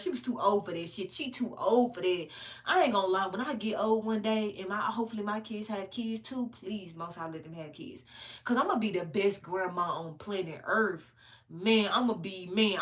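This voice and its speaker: A woman rants to her viewers in loose, casual commentary, blunt and full of profanity. She tells her stories with animated energy and laughs between her points. Her voice sits at an ordinary middle pitch for a woman. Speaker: commentary vlogger.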